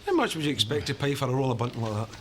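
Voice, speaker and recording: Scottish man, actor as a nosy penny-pincher, fast, lively pitch. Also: lightly acted. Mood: curious. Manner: quick and inquisitive. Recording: sitcom audio with background noise.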